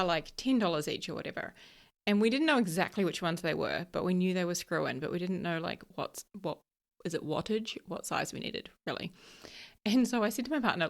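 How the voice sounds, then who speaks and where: A middle-aged woman hosting her own podcast, chatting casually and telling stories with lots of "like" and frequent laughs. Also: mid-range voice. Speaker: podcast host. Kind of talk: casual solo podcast chat.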